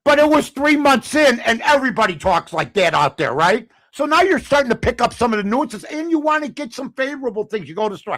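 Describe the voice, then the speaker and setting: A man's voice: very high-pitched, moderate pace, no room sound. An older man, a sports talk guest, telling stories and ranting in casual chat. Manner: animated, ranting storyteller.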